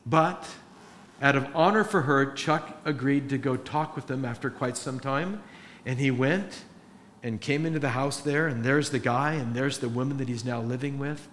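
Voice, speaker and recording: A man's voice: mid-range voice, moderate pace, a bit bright, slight background noise. A man preaching a sermon as pastor, earnest and rising into emphatic exhortation.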